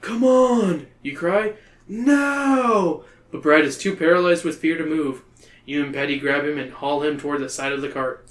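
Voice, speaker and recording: A man's voice: fairly high pitch, flat delivery, a little fast, a bit bright. A man hosting a podcast, reading a children's book aloud in a playful, joking way. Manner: playful, breaking into laughter. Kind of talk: comedic read-aloud of a kids' book. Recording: roomy echo.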